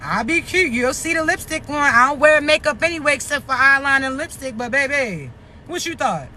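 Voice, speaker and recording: Brisk and animated, a vlogger in her thirties delivers a casual rant to camera outdoors near traffic, her high voice pushed and bright. She is a little out of breath, speaks bluntly to her followers, swears, and fires off rhetorical questions.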